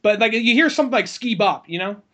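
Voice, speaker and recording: Casual male podcaster with a high voice. Rambling and profane, with lots of restarts. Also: lively intonation, fast talker, fairly bright tone. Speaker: podcast co-host or guest. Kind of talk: casual chat.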